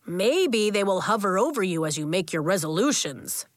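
A woman voicing a booming, enthusiastic male gym coach in a children's audiobook, calling out to a room of kids. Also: very animated, moderate pace, no room sound, studio quality, close to an everyday voice. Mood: mystical. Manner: booming, rallying.

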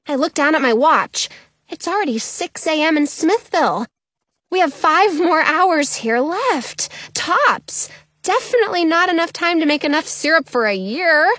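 A woman reading a children's storybook aloud in an expressive first-person narration. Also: high-pitched, measured pace, no echo, studio quality. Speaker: audiobook narrator.

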